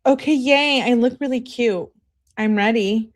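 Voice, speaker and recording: A woman voices a young girlfriend who complains and pleads in every text. The pitch sits somewhat higher than the reader's usual, and the tone is nagging and needy. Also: very animated, unhurried, darkish tone. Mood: whiny. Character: whiny young woman texting her boyfriend.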